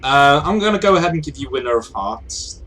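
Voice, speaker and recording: A man running a tabletop role-playing session as game master, relaxed and halting, often restarting his sentences. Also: mid-range voice. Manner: relaxed, halting, frequent restarts and clears throat.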